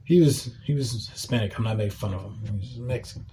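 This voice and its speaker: A man hosting a podcast, telling a casual story in a profane, animated way and breaking into loud shouting. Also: on the low side, fast talker, background noise. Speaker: podcast host.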